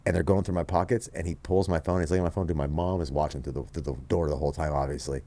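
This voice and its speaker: A man from Las Vegas with a deep voice, sitting in as a guest and spinning a tale in loose, casual talk. He swears a lot, gets animated and slips into other people's voices as he goes. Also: racing. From Las Vegas, USA. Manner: animated, profane, acts out other people's lines. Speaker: podcast guest. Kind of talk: casual storytelling.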